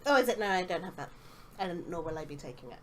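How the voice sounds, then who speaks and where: A woman's voice: fairly low pitch, lively intonation, quick pace, a bit bright. Chatty woman player over a noisy line. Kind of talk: casual game chat.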